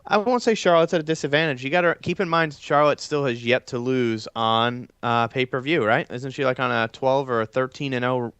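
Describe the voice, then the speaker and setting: A man co-hosts a wrestling podcast and steadily leads the discussion. His voice is smooth and resonant. The recording is dry and close. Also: mid-range voice, fairly even intonation, brisk, few pauses, fairly bright tone, dry recording, muffled recording. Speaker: podcast co-host. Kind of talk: casual wrestling talk.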